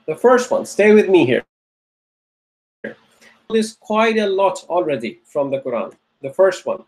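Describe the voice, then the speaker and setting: An Arabic teacher with a high voice and darkish tone gives an online grammar lecture. He patiently repeats his points and keeps checking in with the class by asking "okay?"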